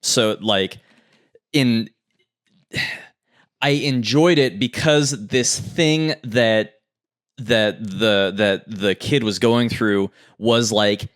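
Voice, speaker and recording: A man with a fairly low voice talks through his thoughts on a casual podcast. He meanders and restarts, leaning on filler words as he works toward his point. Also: extremely slow. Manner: meandering, thinking aloud with many fillers. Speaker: podcast co-host. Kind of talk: casual chat.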